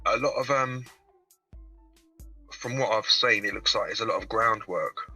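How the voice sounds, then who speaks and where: A man's voice: on the low side, unhurried, pushed and bright, husky, no room sound, recorded from a distance, faint music behind, low-quality recording. A British man calling in over video, bantering cheekily and swearing. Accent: British English. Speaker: caller. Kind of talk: casual chat. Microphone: video call.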